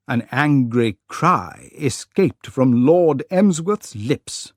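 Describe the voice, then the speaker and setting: An audiobook narrator reading a classic story slowly and clearly for English learners, with an expressive delivery. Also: medium pitch, no echo, studio quality.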